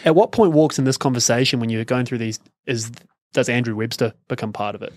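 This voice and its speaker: Fast-talking man hosting a podcast. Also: mid-range voice, darkish tone, no room sound, studio quality. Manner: quick, encouraging, jokey interjections. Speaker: podcast host. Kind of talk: casual podcast chat.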